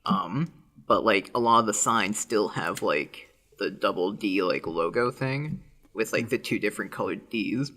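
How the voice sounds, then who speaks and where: A man's voice: lowish voice, unhurried, pushed and bright. A young man co-hosting a podcast in casual chat, rambling with lots of fillers and giggles. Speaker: podcast co-host.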